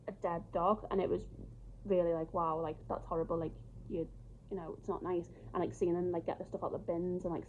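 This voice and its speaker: A woman's voice: on the low side, a little mellow. A woman chatting casually about her travels, open and emotional. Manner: chatty, emotional, tearful at times. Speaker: travel vlogger. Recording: dull lo-fi sound, faint noise.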